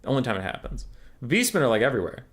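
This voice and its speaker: A man's voice: mid-range voice, big pitch swings, rapid-fire, fairly bright tone. A young man streaming live game commentary, chatty and answering chat questions aloud. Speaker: tournament caster and streamer. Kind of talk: casual livestream game commentary.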